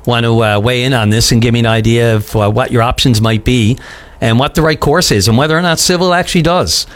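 A man's voice: mid-range voice, quick pace. A man hosting a call-in radio show, talking sympathetically and chattily with callers, full of fillers. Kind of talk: casual call-in radio talk.

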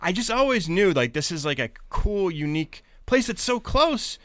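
A man's voice: sits high, very animated, moderate pace, fairly bright tone, no echo, studio quality. A man from Pittsburgh, a traveling content creator, telling stories as a guest in an interview and acting out what people said to him. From Pittsburgh, USA. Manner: enthusiastic storyteller, acts out quotes. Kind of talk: animated interview chat.

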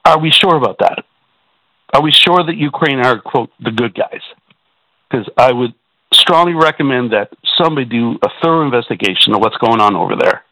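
A man's voice: medium pitch, lively intonation, a little fast, sharp tone, dry recording, rough recording. A man calling in to a radio talk show, agitated and stammering through restarts. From Canada. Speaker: caller.

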